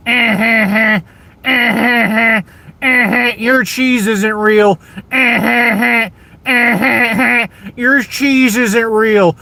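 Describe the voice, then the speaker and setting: High cackling sneering woman put on by a man, sing-song mockery, bright and cutting. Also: steady tone, slow, vocal fry, exaggerated voice. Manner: nasal mocking laughter, repetitive sing-song taunts.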